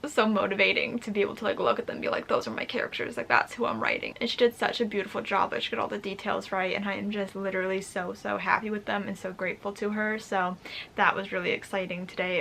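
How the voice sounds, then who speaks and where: A young woman vlogging casually, excitable and swearing, teary and emotional as she unboxes a gift. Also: medium pitch, a little hiss or hum. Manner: excitable, gushing, swearing, with breathy laughs. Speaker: vlogger and writer. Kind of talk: casual vlog chat.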